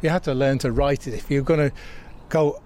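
Older man recalling, halting and repetitive. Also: medium pitch, steady tone, a little mellow, slight background noise. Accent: mild Southwest Lancashire. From England. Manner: halting, repeats words while recalling. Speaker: interviewee. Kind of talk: reminiscing in casual conversation. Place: outdoors by a church in a town.

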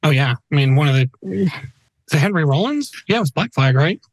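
Wry forties guy on a podcast, kinda high voice, no room echo at all. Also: lively intonation, a little fast. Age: 40s. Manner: wry, teasing. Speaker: podcast co-host. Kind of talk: casual chat.

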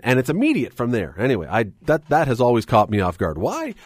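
A man's voice: mid-range voice, wildly swooping pitch, fast, slightly rough, no echo. A Canadian man hosting a radio talk show, chatty and opinionated, full of rambling asides into a studio microphone.

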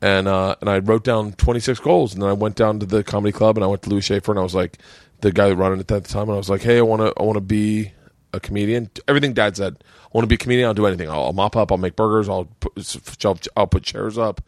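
In casual storytelling chat, a podcast host in his forties, slightly tipsy, laughs through a long, meandering, profane story. He talks fast in a fairly low voice with fairly even intonation, and the clean studio sound carries no echo.

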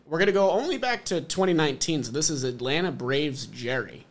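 A man's voice: on the high side, lively intonation, fairly quick, a bit bright. A man hosting a podcast, leading segments in an enthusiastic, chatty way. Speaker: podcast host. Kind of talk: casual chat.

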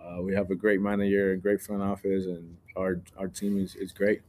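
A ballplayer from Puerto Rico, a man with a fairly low voice. He answers in a relaxed, easygoing interview manner, laughing often and restarting sentences as he goes. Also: normal speed, a little hiss or hum. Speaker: guest ballplayer.

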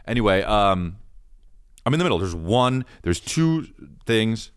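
A man comedian and podcast host tells a rambling, self-mocking story. His voice swings up and down in pitch. He talks in casual, animated bursts. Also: unhurried, clean tone.

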